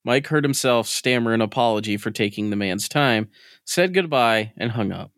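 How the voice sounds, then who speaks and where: A man narrating a scripted story in a measured, steady reading voice. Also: mid-range voice, no echo, clean studio sound. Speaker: podcast narrator.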